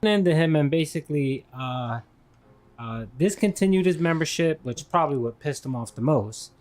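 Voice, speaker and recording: A man's voice: on the high side, lively intonation, normal speed, darkish tone. A man co-hosting a live stream, recapping drama in a rambling way with lots of fillers. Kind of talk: casual recap commentary.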